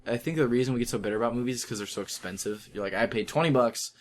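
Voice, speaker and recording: A man's voice: medium pitch, steady tone, rapid-fire, a little mellow. A man co-hosting a podcast in easy, rambling chat, slipping into laughs as he goes. His voice sits mid-range, with a faint hum of background noise around it. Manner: loose, rambling, laughs often. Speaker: podcast co-host. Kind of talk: casual chat.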